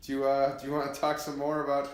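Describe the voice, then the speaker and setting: Male co-host, casual jokey banter, middle pitch, recorded in a roomy space. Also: completely flat delivery, quick pace. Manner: leads segments, joking banter. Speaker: podcast co-host. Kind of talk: casual chat. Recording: roomy echo.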